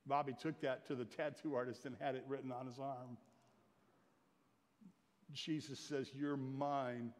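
A man preaching a sermon in earnest, building louder and higher at the climaxes. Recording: long hall reverb.

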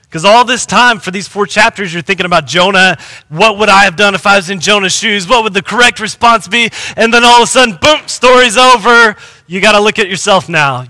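A man's voice: high voice, bright, forceful tone, no echo. A man preaching a sermon in a conversational way, often restarting his phrases. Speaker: pastor.

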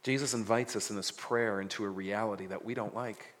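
A man's voice: fairly low pitch, fairly even intonation, fairly quick, fairly bright tone. A man preaching a sermon, reading scripture dramatically and adding casual jokes. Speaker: pastor. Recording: reverberant hall.

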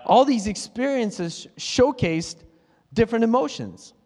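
The speaker is a male pastor whose high voice carries a laid-back, chatty sermon from the stage, with self-directed laughter along the way. He briefly mimics other people's prayers. A large church hall wraps his voice in long, lingering reverb.

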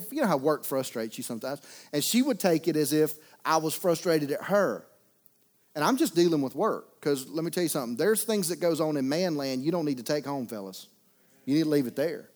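A middle-aged pastor preaching a sermon. He is folksy and humorous, and he swings from loud preaching to quiet asides. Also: on the high side.

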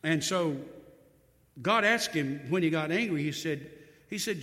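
A male preacher tells a Bible story in a folksy, emphatic sermon, repeating his points. His fairly high voice rises and falls in wide swings. The sound rings with a long reverb from the church hall. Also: expressive, unhurried, a bit bright.

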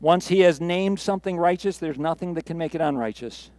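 A man's voice: a little high, brisk, a little mellow, no echo. A man preaching a sermon from the pulpit, reading scripture and building earnestly to emphatic peaks. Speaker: pastor.

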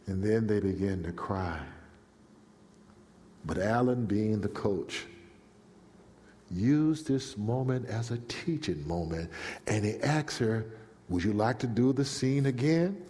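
Slow, dramatic male preacher in a reverberant hall. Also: medium pitch. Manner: dramatic, swinging from hushed to shouting. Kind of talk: sermon storytelling. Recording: long reverb in a large hall.

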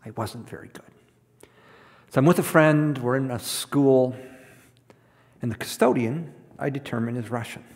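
A man's voice: mid-range voice, normal speed, long pauses, a little mellow. A man preaching a sermon in a conversational way, often repeating words as he goes. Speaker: pastor. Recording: long hall reverb.

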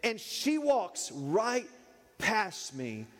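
A man preaching, telling a funny story in an animated, playful way. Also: high voice, very slow. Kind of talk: humorous sermon storytelling. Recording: echoey hall reverb.

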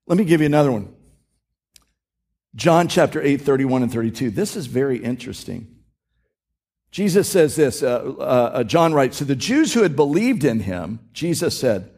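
A man's voice: mid-range voice, animated, moderate pace, darkish tone. A man, preaching a conversational sermon from a church stage, reading scripture aloud and often repeating words as he explains it. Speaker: pastor.

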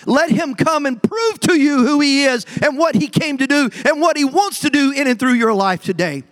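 A man's voice: extremely high pitch, lively intonation, moderate pace, a bit bright. A male pastor preaching a sermon to his congregation, emphatic and repetitive, often calling out directly to the people in front of him. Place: church service before a congregation.

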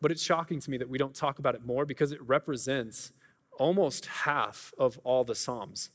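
A man's voice: mid-range voice, normal speed, big-room sound. A man preaching a sermon as a pastor, talking in an earnest, conversational way with many restarts and asides. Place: church auditorium.

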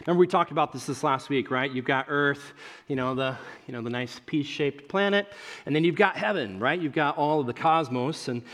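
A man's voice: fairly high pitch, a little fast. A man preaching a casual, conversational sermon, addressing listeners as "guys". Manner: animated, conversational preaching with asides. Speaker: pastor.

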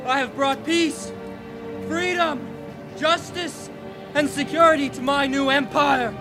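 A defiant young Jedi turned dark speaks high and slow, with clipped menace. He sounds set back from the mic, under loud film music. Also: steady tone. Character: young male Jedi fallen to darkness, defiant.

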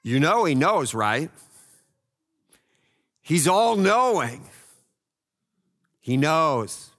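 A man preaching a sermon in a slow, earnest way, swinging between loud passages and hushed ones. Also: a little high, very animated. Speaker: pastor.

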